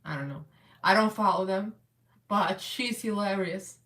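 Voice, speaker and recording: A woman's voice: medium pitch, measured pace, fairly bright tone. A woman hosting a casual live makeup chat, chatty and rambling, laughing often as she works. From Russian American. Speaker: makeup livestream host. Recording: echoey room, voice a little far from the mic.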